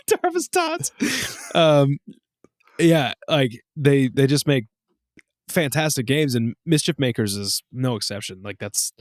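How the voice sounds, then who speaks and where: A man in his thirties co-hosting a casual podcast, telling stories with lots of swearing and acting out quotes in a high voice. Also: measured pace, no echo, clean studio sound. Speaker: podcast co-host. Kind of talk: casual chat.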